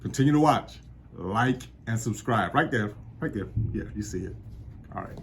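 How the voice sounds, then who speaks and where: A man's voice: lowish voice, animated, moderate pace, gravelly, slight background noise. A man, a real estate agent from New York, talking to camera in an encouraging, preacher-like way. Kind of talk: motivational talk to camera.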